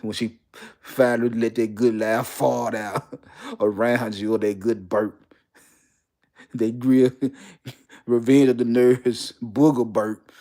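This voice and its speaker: A man's voice: mid-range voice, fairly even intonation, slow pace, pauses often, mellow. A man hosting a casual monologue, talking with lots of profanity and animation and often breaking into laughter mid-sentence. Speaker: host.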